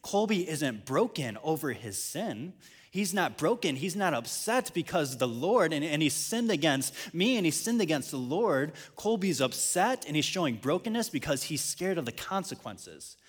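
A man's voice: fairly high pitch, moderate pace, breathy edge, big-room sound. Man preaching a sermon. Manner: storytelling, rising to excited peaks. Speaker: pastor.

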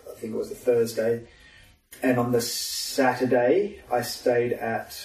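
A man's voice: mid-range voice, flat delivery, unhurried, a little mellow. A man chatting casually as a podcast guest, telling stories in a laid-back way and laughing often. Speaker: guest, personal trainer and mentor. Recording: roomy sound, mic far off.

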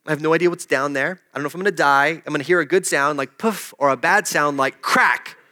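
A man's voice: a little high, fast, sharp tone. A man preaching a sermon, telling a personal story in a conversational way and joking with the congregation. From desert region. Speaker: pastor.

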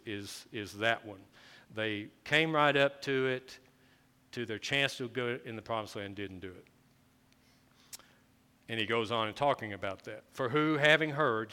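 A man's voice: medium pitch, pushed and bright, clean tone. A man preaching a conversational sermon, often restarting his phrases as he explains the scripture. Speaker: pastor.

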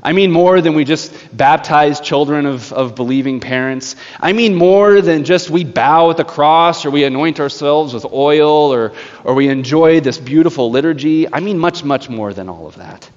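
A male pastor preaching a sermon, telling a story in an animated way. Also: fairly high pitch, normal speed, few pauses. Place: church sanctuary. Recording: echoey church hall, slightly dull.

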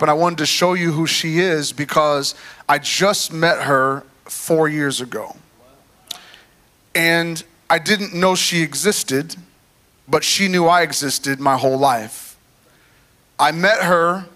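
A man preaching a sermon in a church, telling his own story in a lively, chatty way and drawing in the congregation. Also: high voice. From United States. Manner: animated, conversational, talks to the crowd. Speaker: guest preacher.

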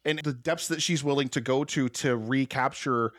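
A man in casual chat, relaxed and enthusiastic, with lots of filler words. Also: mid-range voice, moderate pace, dry recording, studio quality.

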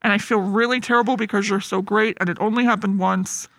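Young woman, bright slightly high voice, chatty and agreeable recap, dry recording. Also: fairly even intonation, fast, no echo. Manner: chatty, quotes characters, frequent agreeing fillers. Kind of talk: casual chat recapping a show.

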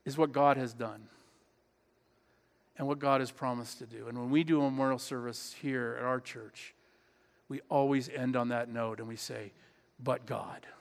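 A man's voice: medium pitch, fairly even intonation, moderate pace, creaky. A pastor preaching a sermon in his church, earnest and emphatic, repeating key phrases. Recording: long hall reverb.

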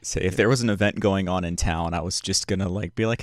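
A man talks through a plan at a tabletop game, poking fun at himself along the way. His voice is low and recorded dry and close. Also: fast, no room sound. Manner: planning, self-mocking, laughing. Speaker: player. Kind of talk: casual tabletop game chat.

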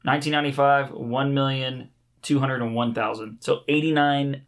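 A man's voice: medium pitch, fairly even intonation, normal speed. Profane laughing man reciting stats. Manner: profane, laughing, reads out show statistics. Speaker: podcast co-host. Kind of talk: casual chat.

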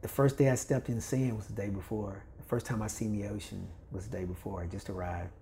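An older Kentucky man who coaches volleyball, appearing as a podcast guest, tells a story in casual conversation with a fairly low voice at a moderate pace. He's animated, acting out the voices of the people in it and laughing often. There's slight background noise.

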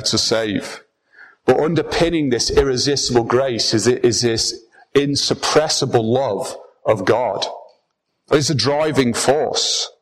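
A man's voice: medium pitch, rough recording. A man preaching a sermon as pastor, earnest and emphatic, often restarting his phrases.

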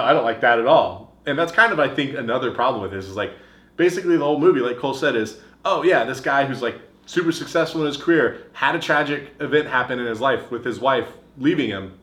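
A man's voice: medium pitch, a bit bright. A man co-hosting a casual movie podcast, talking enthusiastically and laughing often. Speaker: podcast co-host. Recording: echoey room.

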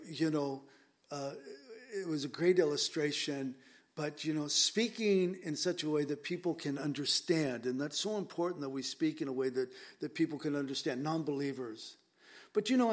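A man preaching a conversational sermon to his congregation, earnest and emphatic, often repeating words as he presses a point. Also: a little high.

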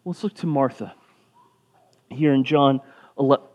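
A man's voice: mid-range voice, measured pace, highs cut off. A man preaching as a pastor, talking in a conversational way with asides, his voice rising for emphasis. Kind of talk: sermon.

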